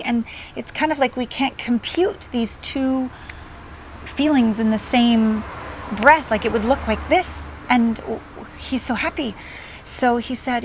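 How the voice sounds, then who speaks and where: A middle-aged woman with a fairly high, steady voice speaks at a measured pace in a casual diary vlog, rambling and heartfelt with lots of ums. She's outdoors near trees, filmed on a handheld camera, with a little background noise.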